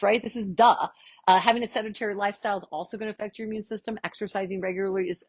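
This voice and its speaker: A woman chiropractor giving a casual health workshop to a live audience, chatty and animated with quick asides and jokes. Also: medium pitch, breathy edge, no room sound.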